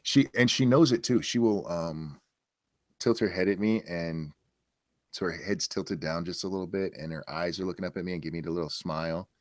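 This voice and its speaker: A man's voice: deep voice, moderate pace, no echo, studio quality. A man in a casual online chat, joking crudely and openly.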